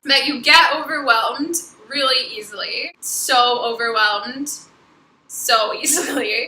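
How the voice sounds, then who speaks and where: High, bright-voiced chatty woman. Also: normal speed, roomy sound, a little hiss or hum, poor audio. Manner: chatty, full of "like", acts out quoted voices. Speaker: psychic giving spiritual advice. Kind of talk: casual talk to camera.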